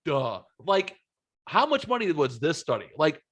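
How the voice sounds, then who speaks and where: A man's voice: on the high side, big pitch swings, moderate pace, a bit bright. A man hosting a podcast in casual, profane, rambling chat. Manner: profane, rambling, laid-back. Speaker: podcast host.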